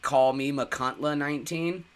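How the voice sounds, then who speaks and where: A man's voice: a little high, fairly even intonation, measured pace, a crowd in the background. A man in casual, profane podcast chat, telling a story bluntly and with lots of swearing.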